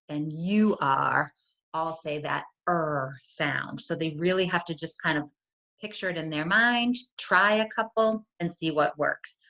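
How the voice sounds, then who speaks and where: Deep, creaky, pushed and bright, the voice belongs to a middle-aged school curriculum coordinator explaining spelling strategies to parents. Her friendly teaching walkthrough is conversational and peppered with "right?", and the computer audio is dull and lo-fi.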